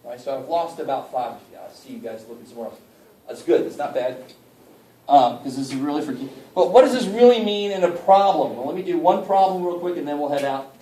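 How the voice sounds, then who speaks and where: Recorded from a distance in an echoey room, a man with a highish, mellow voice talks fast while teaching a college math class. His casual lecture is loose and jokey, with mild swearing and frequent requests for students to help him.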